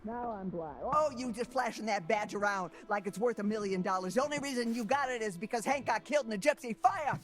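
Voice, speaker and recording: A woman's voice: a little high, a little fast, faint music behind, natural voice. An actress playing a bitter, grieving old hillbilly mother with a Southern accent, cursing and scolding her son. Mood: furious shouting. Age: older. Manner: cursing, scolding, shifts from muttering to yelling.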